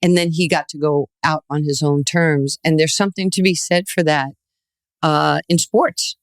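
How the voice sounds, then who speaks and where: A woman in her sixties from New York, a guest telling lively stories in an interview and acting out the voices in them. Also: sits low, normal speed, dry recording, studio quality. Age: 60s. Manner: animated storyteller, acts out quoted voices, laughs often. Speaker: guest, former basketball player. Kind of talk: storytelling interview.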